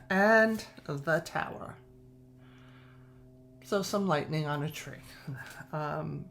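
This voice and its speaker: A middle-aged woman with a New York accent talks at an unhurried, drawn-out pace in a somewhat low voice. She chats casually and gushes, laughing often and trailing off mid-thought. A faint hiss sits under her voice. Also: fairly bright tone. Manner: chatty and gushing, laughs often, trails off and restarts. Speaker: tarot deck collector and reviewer. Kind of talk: casual vlog chat.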